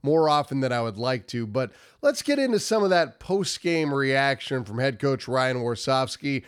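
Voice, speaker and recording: A man's voice: medium pitch, animated, moderate pace, clean tone. Nasal-voiced man with a cold. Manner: emphatic, repetitive, stumbles over words. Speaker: hockey commentary host. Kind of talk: post-game analysis video.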